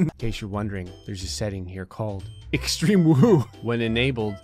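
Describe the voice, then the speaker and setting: A man's voice: a little high, lively intonation, normal speed, hardly any pauses, faint music behind. A young man giving sarcastic, darkly joking commentary on a life-sim game, laughing often. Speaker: gaming commentator.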